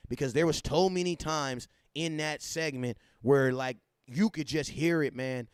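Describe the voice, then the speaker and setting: A man hosting a casual sports livestream, talking animatedly, repeating himself and giving shout-outs to viewers. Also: a little high, measured pace, hardly any pauses, clear, resonant tone, dry recording, studio quality. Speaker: livestream host.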